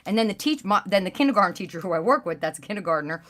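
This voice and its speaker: A woman hosting a craft livestream, chatting casually and gushing over pieces with bursts of excited exclamations. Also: medium pitch, racing. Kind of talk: casual chat while showing craft pieces.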